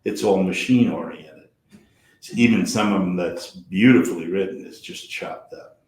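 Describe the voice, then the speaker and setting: An older actor telling animated backstage stories in a casual chat, acting out quotes and swearing freely. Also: male voice, low voice, normal speed, reverberant. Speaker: actor guest. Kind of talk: storytelling over drinks.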